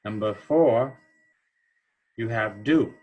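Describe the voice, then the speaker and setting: Slow, husky-voiced male English teacher. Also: fairly low pitch, lo-fi sound. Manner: slow, explanatory, checks in with "okay?". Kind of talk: grammar lesson walkthrough.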